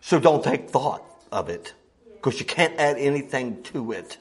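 A middle-aged man preaching a folksy sermon, quoting scripture in old wording and swinging from loud highs to low murmurs. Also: lively intonation, unhurried, breathy edge.

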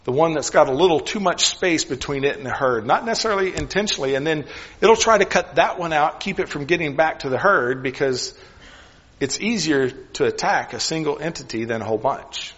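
A man preaching a sermon in an earnest, questioning way, often dropping his voice softly on key lines. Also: on the high side, animated, a little fast, husky, in a large hall, highs cut off.

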